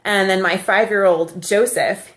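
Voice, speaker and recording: A woman's voice: medium pitch, steady tone, unhurried, a bit bright. A woman vlogger telling funny personal stories in a casual, chatty way, laughing often, recorded on a handheld camera. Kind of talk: casual storytelling.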